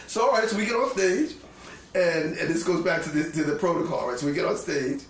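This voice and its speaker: A man telling stories as a guest musician in a casual interview, animated and laughing, with halting restarts, recorded in a living room. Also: fairly high pitch. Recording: roomy, distant mic, faint noise.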